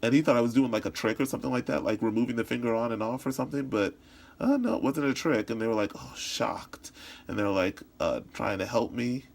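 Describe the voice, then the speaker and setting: Creaky-voiced man voicing a story. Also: mid-range voice, darkish tone. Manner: halting, with frequent restarts and repetitions. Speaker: voice interpreter practicing. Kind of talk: voicing a signed personal story in first person.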